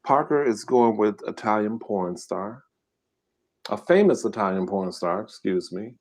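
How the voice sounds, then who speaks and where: A man's voice: lowish voice, animated, measured pace, darkish tone. Casual man hosting a live trivia game. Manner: reads quiz questions aloud and banters with chat, casual slangy talk. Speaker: mukbang host running a live trivia game. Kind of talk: casual live-stream chat.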